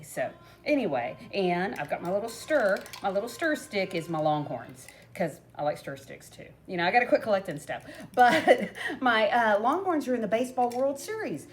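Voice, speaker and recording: Middle-aged woman, bubbly, laughs a lot, rambling craft chat, very animated pitch. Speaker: crafting vlogger. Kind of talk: chatty craft tutorial.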